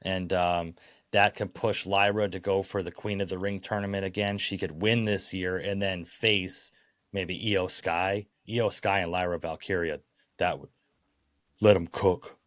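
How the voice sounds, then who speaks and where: A man co-hosting a relaxed wrestling talk show, with a very low voice recorded close and dry. He chats casually and hams up his picks like a ring announcer. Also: a little slow, dry recording. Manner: playful, builds up picks like an announcer. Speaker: podcast co-host. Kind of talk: casual wrestling prediction chat.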